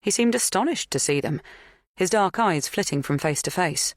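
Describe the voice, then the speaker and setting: A woman narrating a suspense audiobook in a measured, even reading. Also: on the low side, dry recording, clean studio sound. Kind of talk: scripted narration.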